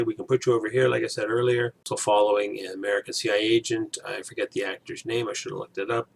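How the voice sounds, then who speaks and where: Brief: fifties guy, husky low voice, chatty meandering reviewer. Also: a bit bright. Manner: rambling, digressive, self-correcting. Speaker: movie reviewer. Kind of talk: casual spoken review.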